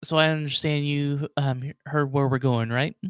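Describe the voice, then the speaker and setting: A calm female android crew member, voiced by a man for a tabletop game, polite and measured. The voice is pitched well above his usual, smooth and dry. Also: dry recording, close to an everyday voice. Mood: welcoming.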